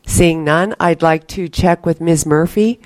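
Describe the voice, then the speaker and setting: A woman chairing a legislative committee hearing, speaking in a polite, formal, somewhat halting way. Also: fairly low pitch, darkish tone, no room sound.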